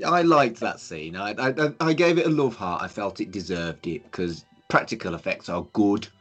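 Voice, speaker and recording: Sarcastic man, lively pitch. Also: moderate pace, faint music behind. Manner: sarcastic, self-mocking. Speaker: podcast co-host. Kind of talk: casual chat.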